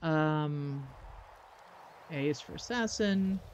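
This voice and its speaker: A woman's voice: low-pitched, slow, darkish tone, highs cut off. A woman streaming a game, chatting casually and rambling with lots of fillers and self-corrections. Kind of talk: casual gaming chat. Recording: faint background noise.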